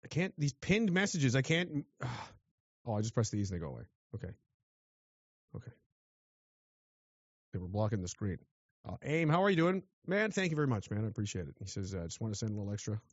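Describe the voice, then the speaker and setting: A man's voice: fairly low pitch, sing-song, brisk, long pauses, no echo, lo-fi sound. A man from western Canada, ranting sardonically and profanely while reading chat on a livestream. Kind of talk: rambling livestream rant.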